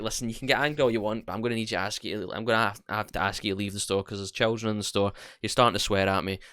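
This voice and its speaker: A young man, co-hosting a podcast and telling animated, sweary stories, acting out both sides of each exchange. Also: on the low side, clear, resonant tone, dry recording, clean studio sound. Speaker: podcast co-host. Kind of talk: casual storytelling chat.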